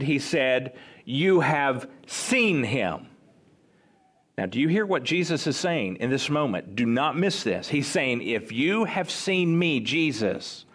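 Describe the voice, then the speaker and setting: A man preaching a sermon, slow and emphatic, with dramatic pauses. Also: fairly high pitch, fairly bright tone.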